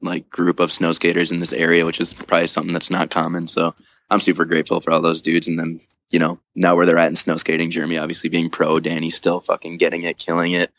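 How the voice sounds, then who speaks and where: Here a podcast guest spins a lengthy, casual story full of fillers and curse words, laughing whenever it gets funny. He talks fast in a low, monotone voice with a fairly bright tone, though the recording's highs are cut off.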